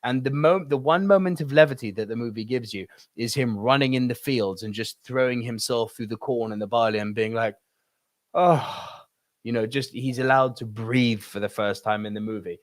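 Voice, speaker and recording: A man in his thirties co-hosting a casual film podcast, pressing his points hard and swearing freely. His voice sits at an ordinary middle pitch. The sound is close and dry, with no room around it. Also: fairly quick, hardly any pauses, no echo. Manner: emphatic, swearing, ranting. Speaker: podcast co-host.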